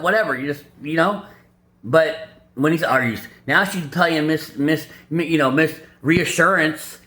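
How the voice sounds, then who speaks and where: A man giving blunt, crude dating advice over clips, mocking the people in them with squeaky put-on voices. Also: animated, moderate pace, bright, forceful tone. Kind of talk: casual reaction commentary.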